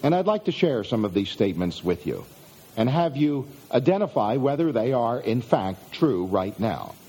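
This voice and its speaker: A middle-aged man giving a motivational self-help talk, speaking in measured phrases that draw out key words and trail down at the ends. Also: medium pitch, very animated, dark tone, slightly rough.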